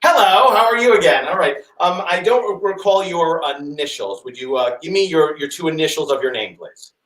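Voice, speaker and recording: Chatty magician, roomy and distant. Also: male voice, a little high, animated, a bit bright. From United States. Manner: chatty, halting with many fillers. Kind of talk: comic magic show patter. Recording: roomy sound, distant from the mic.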